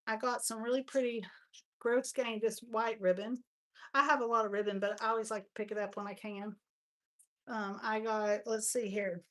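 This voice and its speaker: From Texas and speaking with that accent, this woman's slightly high voice holds a steady tone at normal speed and sounds a bit bright. Showing her supplies on a live crafting stream, she rambles through chatty stories and sprinkles in "y'all."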